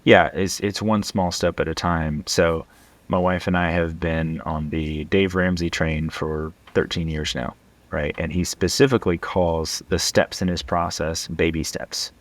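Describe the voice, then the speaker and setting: A man's voice: sits low, steady tone, a little slow. A man appearing as a financial coach guest, talking casually in an earnest, emphatic way and often tagging his points with questions. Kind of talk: casual conversation.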